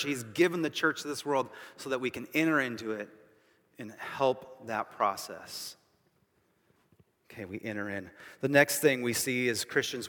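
A man's voice: mid-range voice, animated, normal speed, sharp tone. A man preaching a sermon as pastor, emphatic and repeating phrases for stress, with casual asides to the congregation. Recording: long reverb of a large hall.

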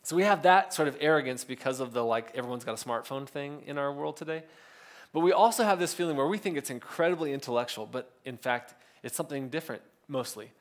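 A man's voice: medium pitch, fast talker. A male pastor, giving a casual, conversational sermon and briefly acting out quotes. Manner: conversational, self-correcting, acts out biblical quotes.

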